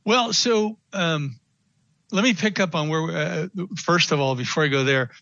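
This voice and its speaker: A man's voice: fairly high pitch, a little slow, no echo, muffled recording. A man, a business consultant, speaking as a guest in a radio interview, telling stories and acting out what people said. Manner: animated storytelling, acts out quotes.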